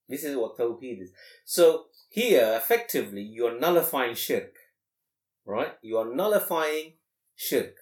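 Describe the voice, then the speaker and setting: Man teaching a class, mid-pitched voice, rhetorical questions, fast arabic recitation, echoey classroom. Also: darkish tone. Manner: explanatory, asks the class many rhetorical questions; recites verses quickly in Arabic. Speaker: Quran teacher. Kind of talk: classroom lesson on Quranic grammar. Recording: echoey room.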